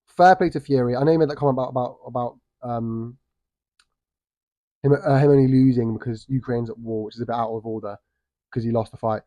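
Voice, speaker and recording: A man's voice: mid-range voice, fairly even intonation, a little fast, dark tone, no room sound. A man giving casual, blunt vlog commentary on boxing, swearing freely and repeating phrases for emphasis. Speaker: boxing YouTuber.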